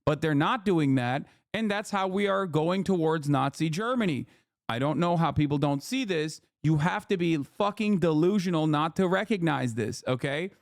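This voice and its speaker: Heated male streamer, slightly high voice, dry close sound, swears a lot. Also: expressive, moderate pace, no echo. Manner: heated, ranting, heavy swearing; emphatic, repeats "okay?". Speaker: streamer and political commentator. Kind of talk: live-stream political commentary.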